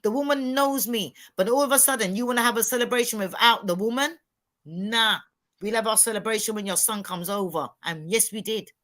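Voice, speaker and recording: A woman's voice: on the high side, fairly quick. A middle-aged woman, talking emphatically in a casual panel chat and retelling conversations. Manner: emphatic, animated storytelling with quoted dialogue.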